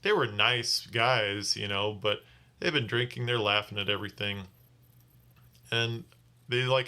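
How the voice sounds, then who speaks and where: Tired man rambling, bright voice. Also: medium pitch, moderate pace. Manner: rambling, restarts sentences often. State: tired from little sleep. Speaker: rideshare driver. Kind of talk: casual vlog storytelling.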